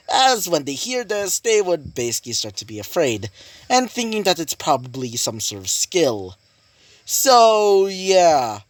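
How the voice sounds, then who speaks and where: A man's voice: a little high, sing-song, measured pace, no room sound. A man casually narrating a fan-fiction story in a rambling way, full of fillers and restarts. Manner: rambling, full of fillers like "basically" and "you know". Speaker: YouTube storyteller.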